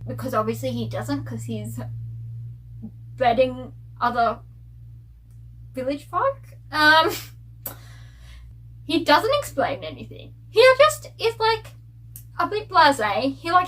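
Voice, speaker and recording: Woman, book vlogger, gossipy rant, casual review, slightly high voice. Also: low-quality recording. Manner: animated, ranting, gossipy.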